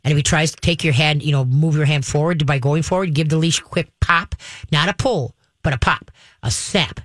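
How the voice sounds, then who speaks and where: Woman dog-training host, brisk and practical, demonstrates commands calmly, dry close recording. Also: sits low, no echo. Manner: direct, instructive, acts out calm dog commands; frequent checks like "okay?" and "all right?". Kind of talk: casual advice to a caller.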